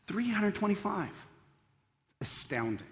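Earnest pastor in a reverberant hall. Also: male voice, high-pitched, big pitch swings, unhurried. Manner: earnest, swings between emphatic and hushed. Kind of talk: chapel sermon with prayer.

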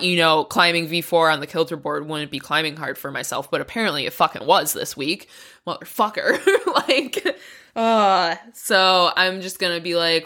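A woman's voice: on the low side, bright, forceful tone. A young adult woman talking candidly in a casual training vlog, swearing freely and laughing at herself. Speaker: climbing vlogger.

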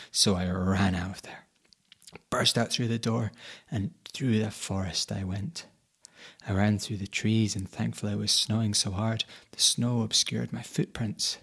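A man telling a folk tale in the first person, dramatic, dropping to whispers and rising to sudden loud bursts. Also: fairly low pitch, steady tone, a little slow, creaky, husky. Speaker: storyteller.

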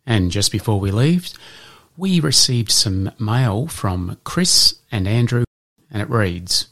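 A man hosting an educational podcast, reading out answers in a measured way and slipping in dad jokes. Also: fairly low pitch, lively intonation, a bit bright. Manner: measured, spells things out, slips in dad jokes. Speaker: podcast host.

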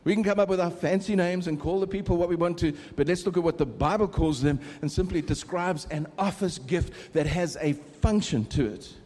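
A middle-aged man preaching a sermon with a mellow, rather high voice. He keeps it conversational and teases the congregation now and then. His voice rings out through a large, reverberant hall. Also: fairly quick, hardly any pauses.

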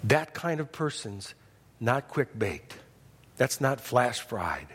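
A man preaching a sermon as pastor, folksy and animated, dropping from loud emphasis to hushed intensity. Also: medium pitch, takes it slowly, breathy edge, long reverb tail. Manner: folksy, humorous asides.

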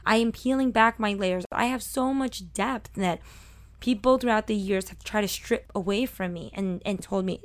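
A woman in her thirties from Brooklyn with a Brooklyn accent, a talkative and loud food host telling her own story in a personal monologue. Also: mid-range voice, no echo. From Brooklyn, New York. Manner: talkative and loud, fast and emphatic. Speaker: food video host and cook.

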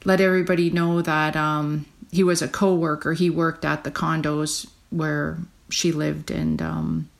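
A woman hosting a podcast, talking haltingly with many fillers and restarts, close to tears as she gives an emotional update. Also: low-pitched, level tone, creaky. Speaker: podcast host.

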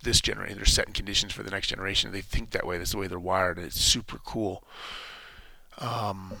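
A man's voice: low-pitched, fairly even intonation, fairly quick, gravelly, sharp tone. A man in a casual spoken monologue, thinking aloud and rambling with frequent restarts.

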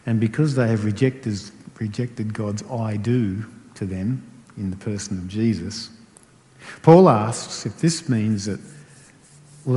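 A man's voice: medium pitch, dark tone. A middle-aged man preaching a conversational sermon, stacking repeated rhetorical phrases. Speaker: pastor. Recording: long hall reverb.

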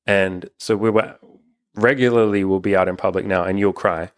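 A man's voice: deep voice, fairly even intonation, moderate pace. A young man hosting a casual couple's chat, talking frankly and rambling, swearing often. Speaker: relationship coach and channel host.

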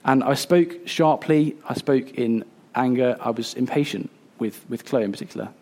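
A man in his thirties preaching a sermon, earnest and a little halting, with fillers and restarts. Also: medium pitch, warm tone. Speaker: pastor.

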